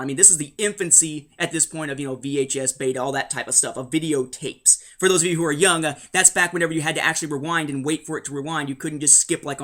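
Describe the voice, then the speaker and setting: A man's voice: a little high, bright, forceful tone. A man hosting a casual spoken review, rambling along with dry jokes and asides. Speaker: host of a book and comic review show.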